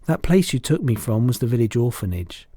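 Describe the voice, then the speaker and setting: A man's voice: mid-range voice, very animated, fairly quick, warm tone, slightly rough, no echo. A man voicing a brave, plain-spoken little orphan girl in a storybook reading, in a matter-of-fact way.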